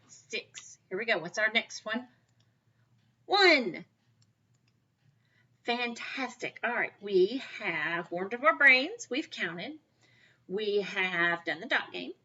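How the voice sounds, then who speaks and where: A woman's voice: mid-range voice, lively intonation, unhurried, bright, forceful tone, highs cut off. A woman teaching a recorded kindergarten math lesson, upbeat and encouraging, coaxing children to count along with her.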